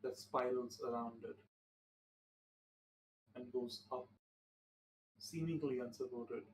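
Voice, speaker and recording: A man narrating a tabletop game as game master, describing scenes in a measured way with restarts. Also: medium pitch, a little hiss or hum. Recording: roomy distant mic with faint ambience.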